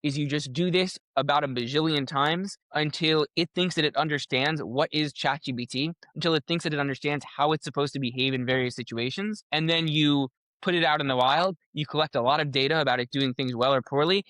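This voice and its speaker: A man's voice: fairly high pitch, brisk, fairly bright tone, no room sound. A man, a podcast guest and AI safety researcher, explaining a technical idea in casual chat through playful analogies, often restarting his sentences.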